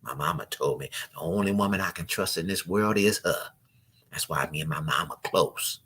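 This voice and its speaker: Whispered role-play: a low, husky, suspicious mama's boy, played by a man. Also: normal speed, exaggerated voice. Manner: hushed and suspicious. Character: wounded young man who trusts only his mama.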